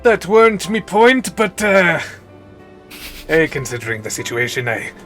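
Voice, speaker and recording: A man voicing a gruff, teasing male pirate shopkeeper in an exaggerated pirate voice for a tabletop game. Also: a little high, big pitch swings, a little slow, a bit bright, faint music behind, pitched above the performer's own voice. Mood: hearty. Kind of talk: tabletop role-play.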